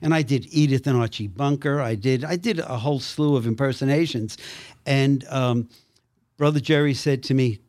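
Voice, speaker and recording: A man's voice: mid-range voice, normal speed, no room sound. Older guy spinning stories, acts out everyone, dry close mic. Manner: animated storyteller, acts out quotes. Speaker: guest, actor and minister. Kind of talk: storytelling in a podcast interview.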